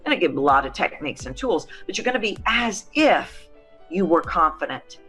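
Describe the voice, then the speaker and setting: A woman's voice: fairly low pitch, very animated, a little fast, fairly bright tone, faint music behind. A middle-aged woman, a voice coach, answering interview questions in an emphatic, teacherly way. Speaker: voice coach guest.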